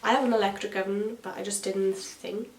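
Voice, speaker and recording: A woman's voice: medium pitch, fairly even intonation, brisk, distant mic. A young woman, a beauty vlogger telling a story while doing her makeup, chatty and swearing freely. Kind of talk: chatty get-ready-with-me vlog. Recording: echoey room, voice a bit off-mic.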